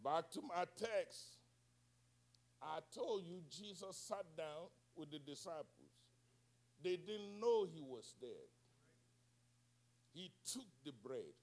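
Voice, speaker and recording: A male preacher delivering a sermon with call-and-response, moving from hushed, soft passages to shouted climaxes. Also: high-pitched, lively intonation, takes it slowly, pauses often.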